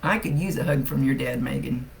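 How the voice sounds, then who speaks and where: Blunt woman psychic doing a live reading, gravelly fry in her voice, swears a lot, faint hiss behind. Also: extremely low pitch, fairly quick, poor audio. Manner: chatty, thinks aloud. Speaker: psychic medium. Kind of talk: live-streamed psychic reading, casual chat.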